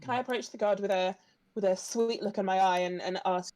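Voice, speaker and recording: A woman's voice: medium pitch, steady tone, brisk, a little mellow, poor audio. Wry British woman playing a tabletop game. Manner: flirtatious, wry. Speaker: player.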